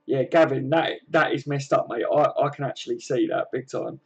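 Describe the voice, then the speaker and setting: A man's voice: mid-range voice, normal speed, slightly rough, muffled recording. A man hosting a casual livestream from home, reading viewer comments and chatting in a friendly way, calling everyone mate. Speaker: livestream host.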